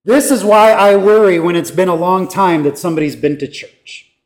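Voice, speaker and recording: A man preaching a sermon as pastor, emphatic, with dramatic pauses and quoted lines acted out. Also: high-pitched.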